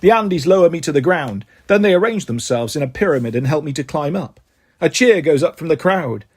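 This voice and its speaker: Brief: male storybook reader, husky, lively, high-set voice. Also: brisk. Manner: animated, jumps to high voices for characters. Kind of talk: children's book read-aloud with voices.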